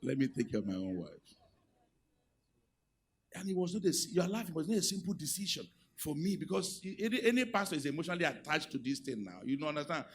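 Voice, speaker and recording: A middle-aged Nigerian man preaching a sermon, moving from quiet asides to loud, rousing exhortation. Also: fairly high pitch, sing-song, fast talker, breathy edge. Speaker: pastor. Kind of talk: sermon on marriage and leadership.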